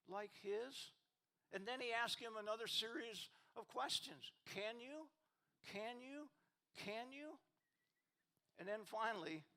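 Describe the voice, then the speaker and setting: Bright-voiced preacher man, rising emphatically. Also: fairly high pitch, creaky. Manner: rises and swells when reading scripture questions. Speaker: pastor. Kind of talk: sermon. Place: church sanctuary.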